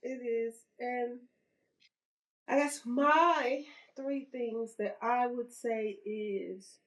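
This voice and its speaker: A middle-aged woman co-hosting a casual podcast chat, animated and repeating phrases for emphasis. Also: on the high side, extremely slow, poor audio. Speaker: podcast co-host.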